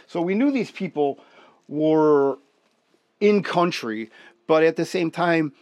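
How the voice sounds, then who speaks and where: A man hosting a podcast in casual chat, rambling and swearing as he tells stories in an animated way. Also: a little high, slow pace, no echo. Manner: rambling, profane, animated storytelling. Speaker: podcast host.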